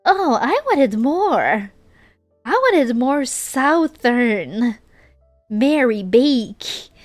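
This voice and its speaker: A woman's voice: high-pitched, sing-song, extremely slow, dry recording, soft background music. A young adult woman streamer reading a fanfic aloud, with giggly, teasing asides. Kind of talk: casual stream reading and commentary.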